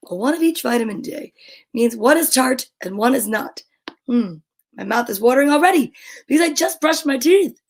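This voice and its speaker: A woman's voice: sits high, expressive, moderate pace, rough recording. A middle-aged woman with a New Jersey accent hosting a cheerful kids' show in a playful, sing-song way. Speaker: children's show host. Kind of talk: cheerful live-stream chat for kids.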